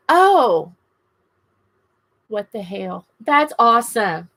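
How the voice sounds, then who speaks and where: Chatty slow-talking Southern woman. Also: mid-range voice, expressive, a bit bright. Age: middle-aged. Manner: chatty, rambling, gushing and nosy with the chat. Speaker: livestream host. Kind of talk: casual live-stream chat to viewers.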